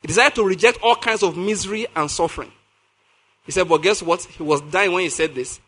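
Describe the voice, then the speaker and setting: Speaking a little fast in a high-pitched, bright, forceful voice, a man preaches a sermon. He reads scripture aloud and explains it with emphasis, repeating the key phrases. Along the way he asks his listeners questions.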